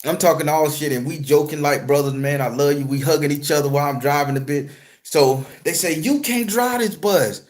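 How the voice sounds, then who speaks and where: A man telling a personal story in a casual, profane, joking way, jumping from loud excited retelling to a low murmur. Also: brisk. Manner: crude, joking, streetwise slang. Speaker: spiritual content creator and tarot reader.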